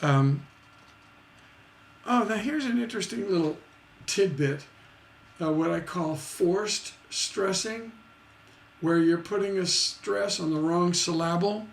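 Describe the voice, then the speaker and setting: A man with a gravelly, slightly high voice gives a live-streamed songwriting lesson. He talks slowly and rambles, filling pauses with ums and asking "right?" as he goes. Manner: chatty, rambling, many fillers and tag questions. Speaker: songwriting teacher.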